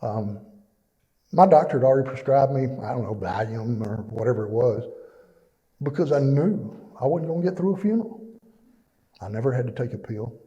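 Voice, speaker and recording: A man's voice: medium pitch, expressive, normal speed, long pauses, dark tone, lo-fi sound. A middle-aged man giving a plainspoken, emotional personal testimony at a church, with many fillers. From East Texas. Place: church fellowship hall. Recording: long reverb in a church hall.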